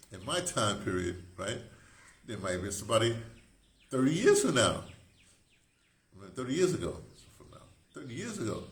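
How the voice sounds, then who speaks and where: Deep voiced guy vlogging, rambly, keeps restarting and going off on tangents, echoey room. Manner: digressive, restarts often, jokes with himself. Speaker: video host, former radio broadcaster. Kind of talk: rambling casual monologue to camera. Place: indoor room with incense burning. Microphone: camera mic.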